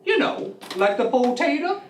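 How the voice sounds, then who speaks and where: A man doing a fussy old deli owner with a high, swooping voice. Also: sing-song, moderate pace, background noise. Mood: prim. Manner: folksy storyteller drawl, prim and easily offended. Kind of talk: comic sketch monologue. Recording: roomy sound from a distant mic.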